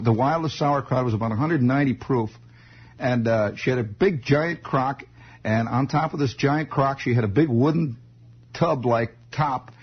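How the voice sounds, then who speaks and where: Through the dull, lo-fi sound of a 1960s radio broadcast comes a man's mid-range, slightly rough voice. As the show's host, he spins an improvised, wandering story from his childhood, chuckling along the way.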